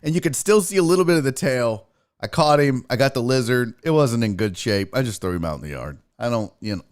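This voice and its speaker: A man's voice: medium pitch, expressive, a little fast. A man hosting his own show, telling a rambling casual story and acting out the voices of himself and his cat. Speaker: sports show host.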